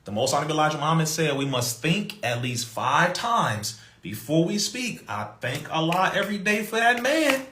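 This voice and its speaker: Animated man telling a story in an echoey room. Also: a little high, normal speed, hardly any pauses. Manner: emphatic, mimics other people's voices, laughs between points. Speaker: podcast guest.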